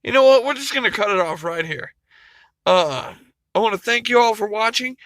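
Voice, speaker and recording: A man's voice: sits high, animated, moderate pace, fairly bright tone, no room sound. A man vlogging, retelling a comic story in a rambling, emotional way, with frequent swearing and laughter. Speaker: YouTuber.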